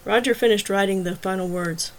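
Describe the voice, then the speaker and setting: A woman narrating a crime novel as an audiobook in a steady, even storytelling manner. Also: medium pitch, brisk. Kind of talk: scripted narration.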